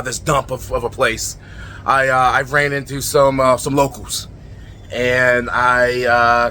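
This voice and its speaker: A man cutting a brash, rambling comedic wrestling promo, full of fillers and sudden yells. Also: medium pitch, a little hiss or hum.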